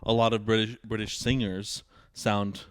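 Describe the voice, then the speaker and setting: A man's voice: fairly low pitch, flat delivery, measured pace, smooth, dry recording, clean studio sound. A man hosting a podcast in a joking, rambling casual chat. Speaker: podcast host.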